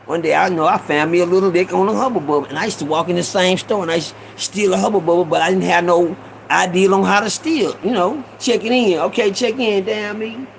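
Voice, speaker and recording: A man hosting a casual storytelling stream, slangy, with repeated asides and shout-outs to viewers. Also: high-pitched, fairly quick, gravelly, a little hiss or hum, poor audio. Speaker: host.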